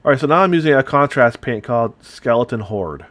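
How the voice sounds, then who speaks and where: A man's voice: mid-range voice, expressive, brisk, fairly bright tone. A middle-aged man from upstate New York hosting a hobby painting video. He talks in a rambling, chatty way as he explains his work. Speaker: miniature painting host. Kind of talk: casual chat while painting.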